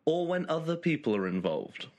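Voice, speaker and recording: A man's voice: a little high, sing-song, moderate pace, a little mellow. A man hosting a casual group chat, explaining things in a wry, storytelling way.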